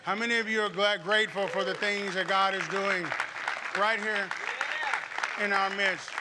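A male pastor preaching a sermon, telling stories with lots of energy, laughing and shouting at times. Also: high-pitched, moderate pace, a loud crowd, heavy background noise. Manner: animated storytelling, laughing and shouting.

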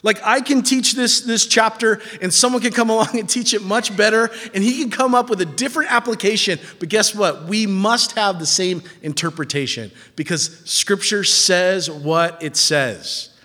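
A man's voice: high-pitched, moderate pace, few pauses, pushed and bright. A man preaching a sermon to a congregation, emphatic and repeating phrases for stress, with casual asides to the listeners. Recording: reverberant hall.

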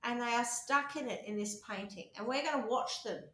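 A woman with a high, bright voice talks in a loose, rambling way and swears casually. The sound is roomy and echoey, as if recorded in an apartment. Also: brisk. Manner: chatty, swearing, rambling storytelling. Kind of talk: casual chat. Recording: roomy echo.

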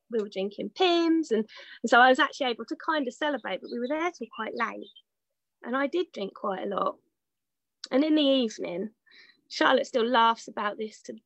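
A woman's voice: fairly high pitch, a bit bright, dry recording, dull audio. A woman, telling stories in a casual interview as a guest, with many fillers and frequent laughter. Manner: chatty storyteller with fillers, laughs often. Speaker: guest, horse rider. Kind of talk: casual anecdotal chat.

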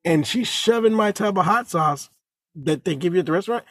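A man co-hosting a podcast, rambling and halting as he tells stories in casual chat. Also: high-pitched, expressive, fairly bright tone, dry recording, clean studio sound. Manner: rambling, halting, self-interrupting. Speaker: podcast co-host.

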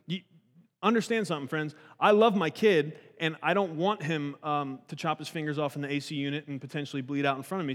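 Animated preaching man in a reverberant hall. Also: a little high. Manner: conversational, animated preaching with many restarts. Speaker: pastor. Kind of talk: sermon.

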